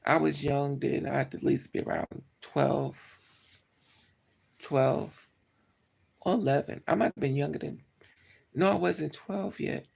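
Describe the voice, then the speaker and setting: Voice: medium pitch, steady tone, measured pace, vocal fry, long pauses, a little mellow. A livestreamer telling a personal story to live chat in a casual way, talking bluntly with swearing and often repeating and correcting themselves.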